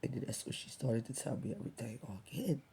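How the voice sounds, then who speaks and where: A woman vlogger speaking softly and haltingly to her subscribers, holding back tears as she tells a personal story, often dropping near a whisper. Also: very deep voice, gravelly, a little hiss or hum. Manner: soft, halting, often near a whisper, with many pauses and ums.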